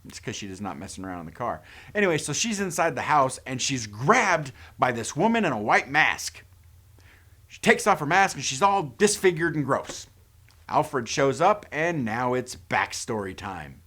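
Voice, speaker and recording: A man's voice: mid-range voice, very animated, normal speed, sharp tone. Sarcastic man recapping a horror movie. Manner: sarcastic, incredulous. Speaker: movie reviewer. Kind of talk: casual plot recap and commentary.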